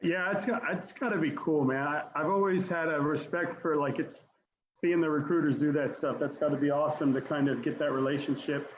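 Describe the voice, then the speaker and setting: Upbeat higher-voiced host over roomy call. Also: male voice, steady tone, brisk. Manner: enthusiastic, chatty, laughs easily. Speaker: podcast host and wrestling parent. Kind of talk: casual interview chat. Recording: dull, roomy remote call audio with faint noise.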